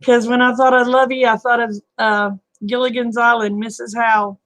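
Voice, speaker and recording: A livestream host, she is a middle-aged woman with a Southern US accent and a fairly high, slightly bright voice. Her delivery is flat at a moderate pace while she casually chats and answers viewer comments in folksy fashion.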